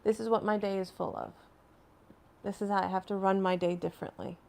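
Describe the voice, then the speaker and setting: A woman chats loosely on a home live stream, wandering from thought to thought as she replies to viewer comments. Her voice has a gravelly edge and sits at a middle pitch. She laughs often between her phrases. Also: fairly even intonation, brisk, a little mellow. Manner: rambling, chatty, answering viewer comments. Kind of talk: casual live stream chat.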